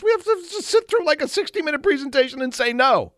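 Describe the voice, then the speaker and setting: Man, sixties, high voice, self-mocking storyteller, casual radio chat. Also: wildly swooping pitch, fast, hardly any pauses, a bit bright, no echo, studio quality. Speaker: radio co-host.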